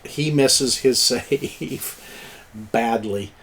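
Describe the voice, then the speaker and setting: A man's voice: mid-range voice, drawn-out words, a bit bright, a little hiss or hum. A man narrating a tabletop game as game master, chuckling and cheering on the players' rolls. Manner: chuckling, encouraging, plays up dice rolls.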